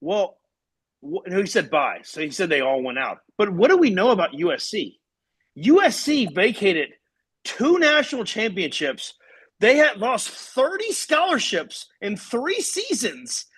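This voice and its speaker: A man's voice: sits high, very animated, a little slow, a bit bright, breathy edge. A man from co-hosting a live sports show, talking in a profane, ranting way. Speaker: podcast co-host. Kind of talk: casual sports talk.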